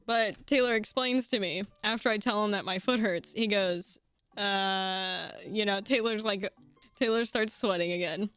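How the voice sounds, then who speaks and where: A young woman telling a personal story in a casual, animated way, swearing freely, laughing often and restarting her sentences. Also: medium pitch, unhurried, clean tone, no room sound, soft background music.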